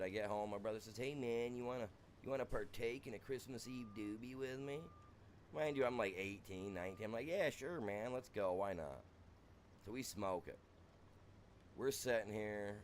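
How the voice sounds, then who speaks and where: A man's voice: fairly low pitch, a little hiss or hum. A young American man streaming a farming game, rambling through a wild personal story and saying "dude" constantly.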